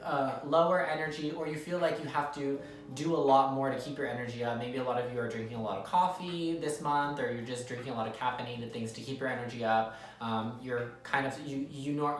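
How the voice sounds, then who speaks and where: A woman giving a casual tarot reading to viewers, chatty and repetitive, often checking in with "okay?". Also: a bass voice. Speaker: tarot reader. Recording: echoey room, mic at a distance.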